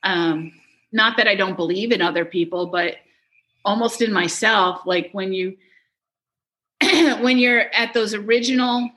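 A middle-aged woman chatting in an interview, telling animated stories, laughing often and quoting people. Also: mid-range voice. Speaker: guest, touring production manager. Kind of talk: casual interview chat.

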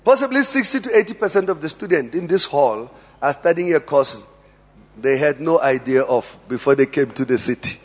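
A South African man preaching a sermon in a large church hall, emphatic, with quiet asides and sudden loud bursts. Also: a little high, expressive, moderate pace. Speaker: pastor. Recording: long reverb of a church hall.

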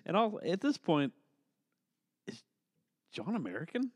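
A man's voice: sits high, huge pitch swings, measured pace, no echo. A man co-hosting a casual movie review podcast, rambling and swearing freely, laughing as he talks. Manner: rambling, profane, laughs often. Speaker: podcast co-host.

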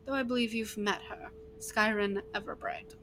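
Commander type: a woman doing a guarded male fort leader, measured and formal, bright tone. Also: mid-range voice, fairly even intonation, slight background noise, natural voice.

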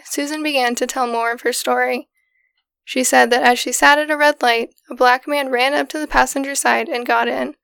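A woman podcast host recounting a case in a steady, matter-of-fact way, in casual storytelling style. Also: high voice, creaky, clean tone, dry recording, studio quality. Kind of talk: casual true-crime storytelling.

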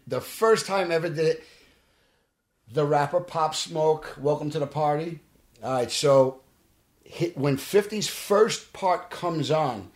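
A man with a Brooklyn accent, an actor telling stories in a casual podcast interview and acting out the dialogue. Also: fairly high pitch. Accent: Brooklyn New York. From Brooklyn, New York. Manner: animated, acts out quoted dialogue. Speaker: actor guest. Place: podcast studio. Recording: roomy studio echo.

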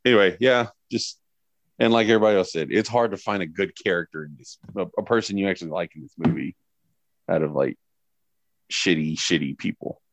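Male co-host, low voice, dry close sound, relaxed profane chat with lots of restarts. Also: no room sound. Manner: profane, laid-back, halting restarts. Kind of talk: casual movie review chat.

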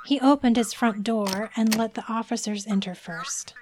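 A woman narrating a scripted fantasy story in a clear, even reading voice. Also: fairly high pitch, moderate pace, background noise.

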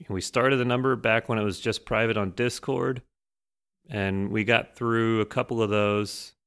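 A man's voice: on the low side, fairly bright tone, smooth. A man hosting a podcast, introducing segments in a casual, dry, teasing way. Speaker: podcast host. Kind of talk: casual chat.

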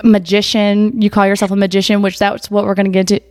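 A woman hosting a casual podcast interview on a phone mic, chatty and quick to laugh, her voice a little worn from a recent illness. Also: mid-range voice, flat delivery, darkish tone, dry recording, studio quality. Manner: chatty, laughs often, says y'all. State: recovering voice after illness. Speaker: podcast host. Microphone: iPhone.

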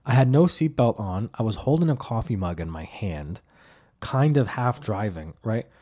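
A man hosting his own comedy podcast, telling a long story in a rambling, profane style with many fillers and restarts. He slips into deadpan, overly formal replies when he acts out his own lines. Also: fairly low pitch, moderate pace, breathy edge. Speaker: podcast host.

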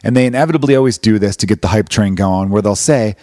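A comedian in his thirties talks loosely into a close podcast mic, cursing freely and poking fun at himself as he drifts from topic to topic. His voice sits on the low side, and the sound is dry and close, with no room around it. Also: fast talker, dark tone, dry recording. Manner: profane, self-deprecating, rambling. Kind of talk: casual rambling monologue.

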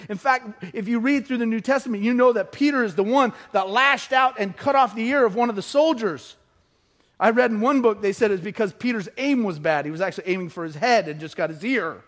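A man preaching a sermon, animated and laughing as he acts out Bible scenes, then slowing to a soft, hushed voice for serious passages. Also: very high-pitched, long reverb tail. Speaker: pastor.

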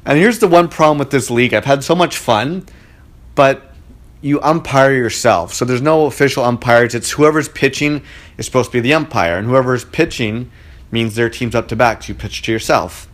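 A man's voice: mid-range voice, moderate pace. A man telling a story in a casual monologue at home in his living room, talking in a chatty and indignant way. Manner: chatty, indignant, frequent "like" fillers.

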